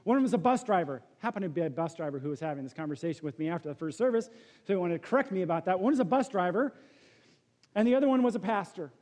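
A man preaching a sermon as pastor, telling a joke story and then dropping to a hushed, earnest tone. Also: sits high, expressive, rapid-fire. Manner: storytelling with jokes, swings from loud to hushed.

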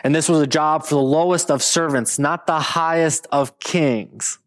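A man in his thirties, a pastor preaching a sermon with animated, playful storytelling. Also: fairly high pitch, normal speed.

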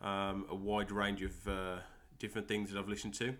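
A young man with a West Midlands English accent, hosting a solo soccer podcast and talking in a halting way with many fillers and repeated words. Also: sits low, monotone, fairly bright tone. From England. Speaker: podcast host and soccer coach.

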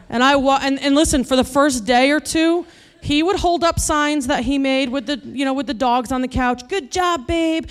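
Animated high-voiced woman telling a story. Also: clear, resonant tone. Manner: animated, builds to loud exasperated rants. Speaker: preacher. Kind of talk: humorous sermon storytelling.

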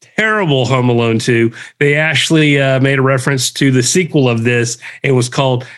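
Relaxed male podcast co-host. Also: mid-range voice, moderate pace, clean tone. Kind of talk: casual chat.

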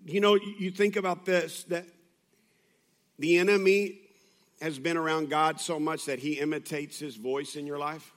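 A male pastor preaching a sermon in a conversational way, moving from hushed, intimate passages to loud, urgent appeals. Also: on the high side, steady tone, moderate pace. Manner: conversational, with restarts and asides.

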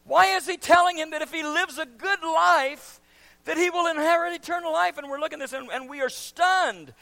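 A pastor delivers a sermon in a strikingly high, bright man's voice. He drops to near-hushed asides, then rises to loud, shouted emphasis. His preaching has a dramatic, sweeping delivery. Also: fairly quick, creaky. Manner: dramatic swings from quiet to shouting.

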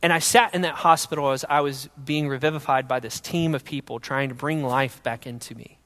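A young man telling his personal faith testimony in an earnest storytelling way, going from loud to hushed. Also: medium pitch, steady tone, fairly quick, in a large hall.

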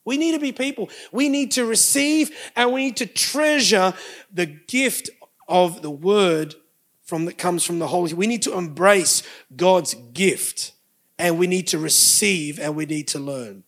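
Animated preaching man with gravelly voice. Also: high-pitched, unhurried. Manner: animated, preaching with rising emphatic bursts and asides to the congregation. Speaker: pastor. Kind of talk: sermon.

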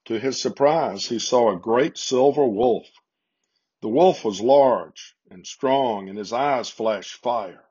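A man reads a children's Christmas story aloud in a steady, gentle way. His voice is husky and sits at a middle pitch. The recording has a slightly dull, lo-fi sound.

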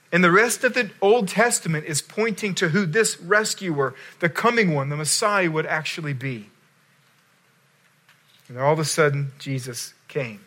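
Male pastor, sermon; slightly high, bright voice, moving between loud emphasis and hushed lines. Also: moderate pace.

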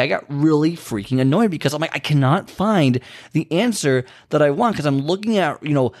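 Male trainer hosting his own podcast; loose, repetitive, filler-heavy talk at an ordinary pitch. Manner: rambling, repeats himself, frequent fillers. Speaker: fitness and nutrition trainer. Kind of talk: casual podcast monologue.

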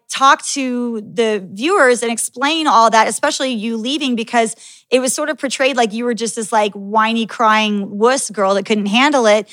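A woman's voice: on the high side, a bit bright, no room sound. A woman hosting a podcast, chatting candidly with a guest, laughing often and swearing freely. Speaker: podcast host. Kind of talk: casual interview chat.

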